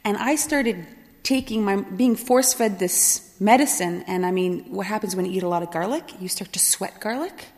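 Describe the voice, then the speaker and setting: A woman's voice: medium pitch, moderate pace. Woman telling funny stories to a crowd, laughs a lot, does little voices, big reverby hall. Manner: lively, laughing, acts out quoted voices. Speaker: speaker telling her life story. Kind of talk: storytelling talk to an audience.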